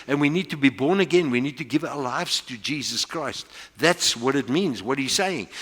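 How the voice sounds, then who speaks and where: A South African man preaching in a large church hall, his voice ringing with long reverb. He has a slightly high voice that swings widely in pitch as he presses his points, mixing English with Afrikaans. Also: fairly bright tone. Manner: preaching with rising emphasis, mixing in Afrikaans phrases. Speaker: pastor. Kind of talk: sermon.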